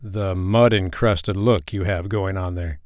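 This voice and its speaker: A man's voice: deep voice, fairly even intonation, measured pace, a little mellow, no room sound, clean studio sound. A man voicing a confident, playful young man in an audio story, speaking in a jokey, upbeat and somewhat commanding way. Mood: teasing.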